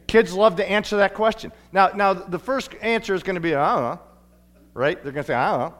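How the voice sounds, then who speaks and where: A man's voice: a little high, a little fast, a bit bright. A middle-aged man preaching a sermon in a church, folksy and playful, often stumbling and restarting his sentences. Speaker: pastor. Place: church sanctuary.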